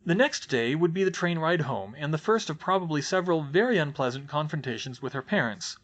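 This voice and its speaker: A man reading a fan fiction audiobook in a steady, plain storytelling manner. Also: on the high side, brisk, dull audio. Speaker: audiobook reader.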